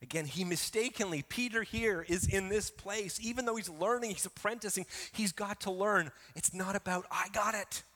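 Male pastor, high bright voice, emphatic sermon delivery, long hall reverb. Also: normal speed, few pauses. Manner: emphatic preaching, swings between soft and loud.

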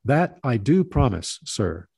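A man's voice: mid-range voice, big pitch swings, slow, gravelly, mellow, slightly rough, dry recording, clean studio sound, full character voice. A man voicing a drunken peasant thief who begs and insists, in a raised, emphatic voice. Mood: insistent.

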